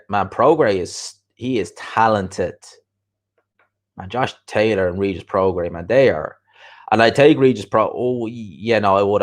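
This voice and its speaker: A man chatting casually as a boxing show host, opinionated and repeating his points for emphasis. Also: fairly low pitch. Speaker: boxing show host reading viewer comments. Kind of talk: casual livestream chat.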